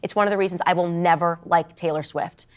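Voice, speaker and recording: A woman's voice: on the low side, fairly even intonation, quick pace. Assertive woman giving pointed commentary. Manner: assertive, lecturing, storytelling. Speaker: political commentator. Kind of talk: opinionated commentary.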